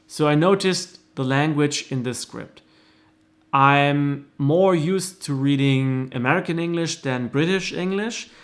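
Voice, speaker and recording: A man hosting a livestream, reading a screenplay aloud and commenting on it in a measured, thoughtful way with hesitant restarts. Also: a little high.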